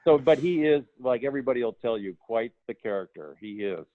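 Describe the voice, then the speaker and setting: An older man, a film production designer, telling lively anecdotes in an interview and acting out the dialogue he quotes. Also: medium pitch, brisk, dry recording. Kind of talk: storytelling interview. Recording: tinny phone line, dry.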